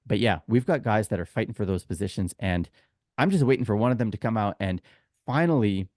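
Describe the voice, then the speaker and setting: Canadian male podcast co-host, lowish voice, dry close sound, chatty and wisecracking. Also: lively intonation, a little fast, a little mellow, dry recording. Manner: chatty, joking, opinionated. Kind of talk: casual podcast chat.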